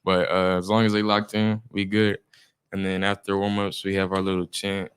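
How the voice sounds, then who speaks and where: A young man, a football player, talks in a low, even, smooth voice. His speech is relaxed and informal, full of "we be" phrasing and hesitations. The pitch stays flat and steady. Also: normal speed. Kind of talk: casual interview chat.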